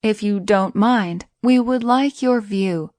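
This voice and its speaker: A woman's voice: medium pitch, takes it slowly, darkish tone, dry recording, close to an everyday voice. A woman voicing a frightened man who pleads in a raised, anxious voice. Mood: urgent.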